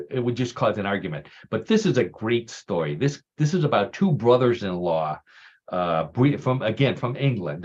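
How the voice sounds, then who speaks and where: A man's voice: fairly low pitch, darkish tone, lo-fi sound. A man hosting a casual radio talk show, telling stories with groan-worthy puns.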